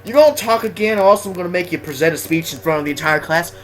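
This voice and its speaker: A young man voicing a laid-back male teacher who loudly scolds a student. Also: high voice, quick pace, pitched above the performer's own voice, natural voice. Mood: scolding.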